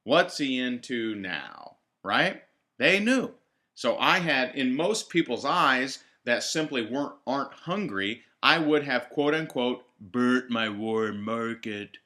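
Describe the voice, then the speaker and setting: A man's voice: mid-range voice, lively intonation, slow pace, sharp tone. A man giving a team training talk, coaching in a direct way and repeating his key phrases. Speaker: network marketing trainer.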